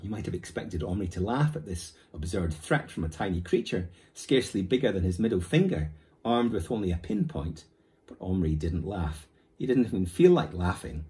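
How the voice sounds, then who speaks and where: A male primary school teacher reading a children's novel aloud in a lively, expressive way. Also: sits low, moderate pace.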